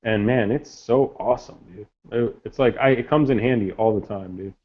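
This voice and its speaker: A man's voice: lowish voice, moderate pace, darkish tone. Rambling laid-back guy, lo-fi audio. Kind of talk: casual chat. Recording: dull lo-fi audio.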